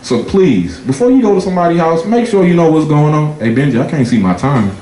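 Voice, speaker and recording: A man doing a profane stand-up set, telling loose stories and jumping high in pitch for his punchlines. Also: very animated, fast talker, mellow. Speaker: stand-up comedian. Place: comedy club stage before a laughing audience. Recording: echoey club room with crowd noise.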